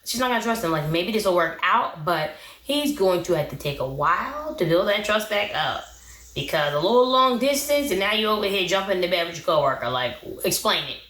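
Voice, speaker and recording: A young woman speaking gives an animated, opinionated reality show recap, full of "um" and "like." Her voice is bright, and the room around her is echoey. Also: on the low side, fairly quick. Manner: chatty, animated, opinionated, with many "um" and "like".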